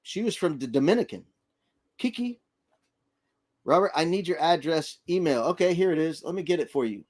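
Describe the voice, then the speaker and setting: Middle-aged man, slightly high voice, casual stream chat, lively storytelling. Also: fast. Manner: animated storyteller who acts out voices. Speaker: livestream co-host.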